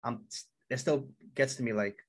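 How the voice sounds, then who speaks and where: A man casually recapping an anime episode, excitable and swearing freely, acting out the characters' lines as he goes. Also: mid-range voice, normal speed.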